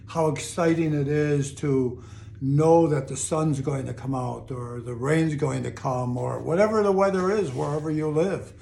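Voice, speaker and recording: A man's voice: a little high, measured pace, creaky, warm tone, slight background noise. An older man giving a casual, earnest, upbeat motivational talk to camera, often repeating his phrases. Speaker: motivational video host. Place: home in Chicago.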